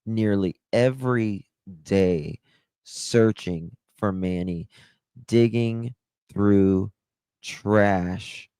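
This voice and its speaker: A man's voice: on the low side, mellow, smooth, no echo. A man hosting a live stream, talking with indignant passion and thanking his chat viewers by name. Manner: impassioned and indignant, stretching words slowly. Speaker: livestream host. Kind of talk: emotional live-stream commentary.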